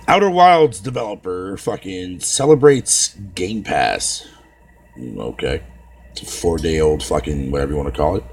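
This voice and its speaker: A man's voice: low-pitched, animated, measured pace, darkish tone, a little hiss or hum. A man ranting profanely on a casual live stream, talking to his viewers by name and swearing constantly.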